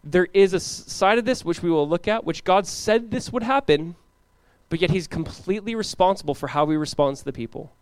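A man's voice: high-pitched, smooth, dry recording. A man preaching an expository sermon as pastor, acting out the characters he talks about. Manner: animated, acts out biblical characters in quick voices.

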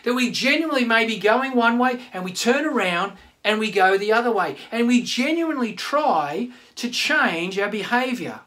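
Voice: medium pitch, moderate pace, few pauses. A pastor giving a sermon, asking the congregation rhetorical questions. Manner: animated preaching with rhetorical questions.

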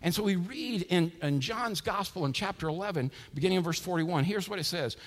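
A man preaching a sermon as a pastor, swinging between loud, emphatic lines and hushed ones. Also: high voice, expressive, brisk, few pauses. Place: church sanctuary with a congregation. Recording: long reverb from a large hall.

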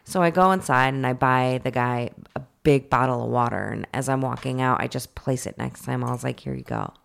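Low gravelly woman telling a story. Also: a little fast. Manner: profane, animated storytelling with many fillers. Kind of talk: casual storytelling chat.

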